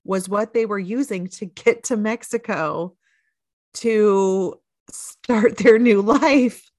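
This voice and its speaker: A woman's voice: medium pitch, takes it slowly, dry recording. Chatty woman in a dry room. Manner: animated, acts out quotes from the film. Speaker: podcast co-host. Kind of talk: casual chat.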